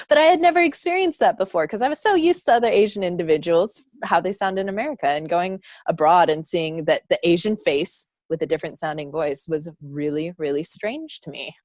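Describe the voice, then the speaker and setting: A woman with a very low voice hosts the interview in a dry, close recording. She listens attentively and keeps up a steady stream of agreeing murmurs. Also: brisk, no room sound. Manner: attentive, with frequent mm-hmms. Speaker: podcast host. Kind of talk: podcast interview.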